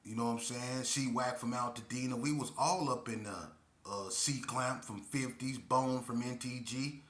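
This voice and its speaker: A middle-aged man tells his story in a loose, emphatic monologue, leaning into warnings like a street preacher. His voice is bright and forward, and it rings in a roomy, echoing space. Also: mid-range voice, measured pace. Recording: echoey room.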